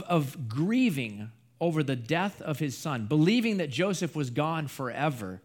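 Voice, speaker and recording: A man preaching a sermon, retelling a scripture story in a lively storytelling way. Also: a little high, a little slow. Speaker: pastor.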